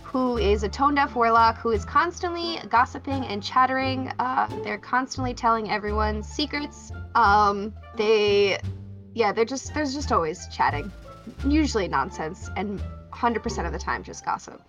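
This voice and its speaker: A woman's voice: on the high side, expressive, moderate pace, fairly bright tone, faint music behind. A woman player describing her characters in casual chat, hesitant and full of filler words. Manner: hesitant, lots of uh and um. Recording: dull lo-fi sound.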